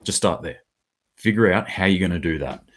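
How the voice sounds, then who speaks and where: Speaking a little fast in a low, fairly bright voice, this host runs a daily preparedness news show. He talks plainly and casually, wanders off track now and then, and sometimes curses.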